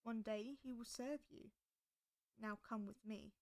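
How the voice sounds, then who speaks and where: A woman voicing a wise old male wizard in a storybook reading, speaking quietly and measured. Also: on the high side, steady tone. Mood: reassuring.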